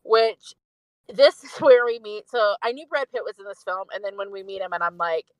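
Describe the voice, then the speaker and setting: A woman's voice: mid-range voice, fairly even intonation, moderate pace, dry recording, low-quality recording. A young woman chatting casually as a podcast co-host, rambling and filling her talk with "like". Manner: rambling, fills speech with "like". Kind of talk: casual film review chat.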